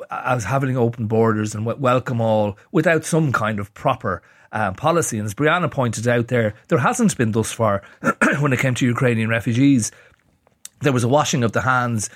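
A man, a newspaper editor on a radio panel, talking in a measured way with frequent restarts. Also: mid-range voice, no echo, clean studio sound.

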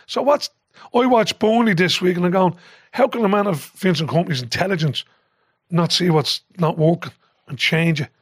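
Guest: older Irish man, high-pitched and animated, sweary storyteller, dry close mic. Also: normal speed, breathy edge, no echo. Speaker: podcast guest, former football manager. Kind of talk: casual storytelling chat.

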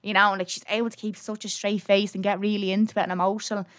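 A woman's voice: mid-range voice, little pitch movement, a bit bright, no echo, studio quality. A young woman comedian with a Dublin accent, chatting frankly in an interview and telling stories with plenty of swearing. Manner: chatty storyteller, quick and frank, peppered with swearing. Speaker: stand-up comedian. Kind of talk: casual interview chat.

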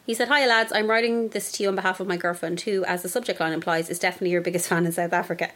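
A woman's voice: on the low side, steady tone, racing, fairly bright tone. Sweary woman podcast co-host. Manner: sweary, blunt, reads listener emails aloud. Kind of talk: casual chat.

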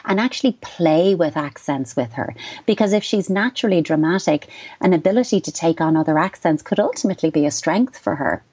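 A middle-aged Irish woman with a low voice gives calm, explanatory parenting advice. The sound is dull and dry, like a radio studio. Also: breathy edge, no room sound. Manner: measured, reassuring, explanatory. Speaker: child psychotherapist guest.

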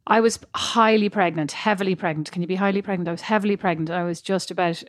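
A woman's voice: on the low side, steady tone, fast talker, no echo, clean studio sound. A woman in her thirties co-hosting a podcast, telling stories in a chatty way and laughing at herself. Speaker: podcast co-host. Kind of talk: casual chat.

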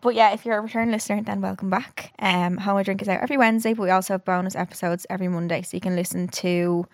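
Fast-talking young woman podcaster. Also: mid-range voice, steady tone, no echo, clean studio sound. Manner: chatty, quick, laughs often. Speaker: podcast co-host. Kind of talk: casual chat.

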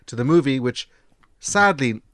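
A man in casual podcast chat, explaining things in a measured way with some restarts. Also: mid-range voice, expressive, a bit bright.

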